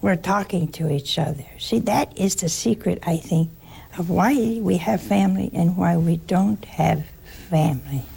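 Gravelly-voiced American woman, chatty storyteller. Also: lowish voice, unhurried. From United States. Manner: storytelling, chatty, animated asides. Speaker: nun giving a talk. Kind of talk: casual spoken talk to an audience.

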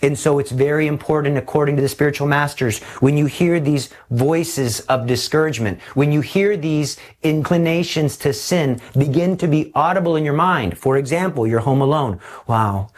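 Lively male preacher with a higher voice. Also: normal speed, few pauses. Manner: animated, shifts into voices for examples. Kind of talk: sermon with storytelling.

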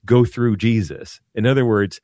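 A man with a fairly low voice talks earnestly as a priest guest on a radio show. He often stumbles and repeats words. The studio sound is close and dry. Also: moderate pace, a little mellow, no room sound. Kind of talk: radio talk on devotion.

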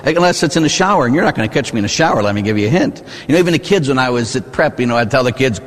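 Animated priest preaching in a reverberant church. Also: male voice, mid-range voice, rapid-fire, few pauses, breathy edge. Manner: animated storytelling, rhetorical questions with "huh?". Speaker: Catholic priest. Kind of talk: sermon.

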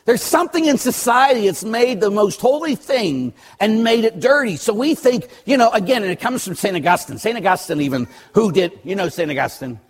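An older man, a Catholic priest, preaching bluntly and telling stories with dry humor, loud one moment and soft the next. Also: high voice, animated, brisk, few pauses. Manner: blunt, joking storyteller who swings between loud and soft. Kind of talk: sermon with personal stories.

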